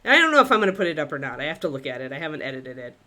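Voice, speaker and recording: A woman leads a live-streamed miniature painting session in a relaxed, chatty way. She thinks aloud while she paints. Her voice is bright and clear, and her pitch rises and falls a lot. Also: rapid-fire.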